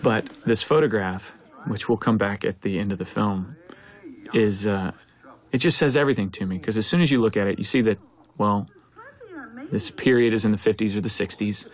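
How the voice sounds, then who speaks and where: A man's voice: fairly low pitch, normal speed. A man, a film director, giving an earnest, reflective audio commentary, thinking aloud as he talks.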